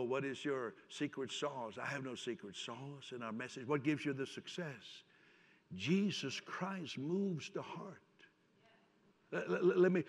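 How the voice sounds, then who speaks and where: A man preaching a sermon, moving between hushed storytelling and loud, emphatic passages. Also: medium pitch. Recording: long hall reverb.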